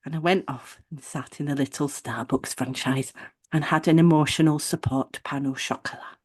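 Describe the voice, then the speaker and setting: A woman co-hosting a podcast, telling a personal story in a casual, animated way and acting out the people she quotes. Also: deep voice, normal speed, husky. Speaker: podcast co-host.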